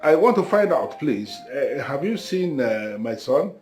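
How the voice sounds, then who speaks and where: A Nigerian actor playing a worried father who is searching for his missing son, with halting, questioning speech. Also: mid-range voice, sing-song, a little mellow. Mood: anxious pleading. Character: anxious middle-aged father, fretful and pleading. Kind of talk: film drama acting. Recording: film soundtrack with faint music.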